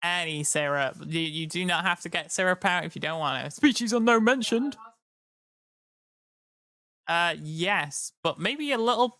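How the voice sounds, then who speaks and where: A tired man talks casually to his live-stream audience, rambling, joking, and slipping into silly voices. His high voice is unhurried yet pushed and bright, with no echo.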